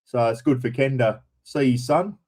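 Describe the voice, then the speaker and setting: An Australian man hosts a relaxed livestream, chatting in a loose, blunt way with easy, mild swearing and greeting viewers by name. His voice is middling in pitch, neither deep nor high, at a normal speed, and the audio is poor.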